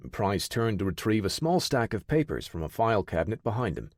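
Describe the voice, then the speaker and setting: A man narrating an audiobook thriller in a steady, measured way. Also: lowish voice, no echo, studio quality.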